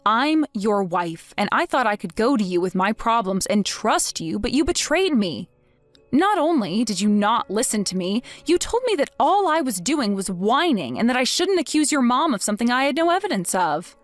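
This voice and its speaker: A woman's voice: a little high, very animated, moderate pace, dry recording. A woman voicing a cold, vengeful wife. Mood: taunting. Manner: mocking, sarcastic. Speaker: wife in a text-message story.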